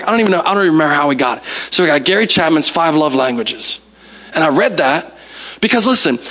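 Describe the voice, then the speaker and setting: A man from the United States preaching a storytelling sermon with a high, bright, forceful voice. He keeps it animated and self-mocking, stumbling over repeated words as he starts his sentences. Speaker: pastor.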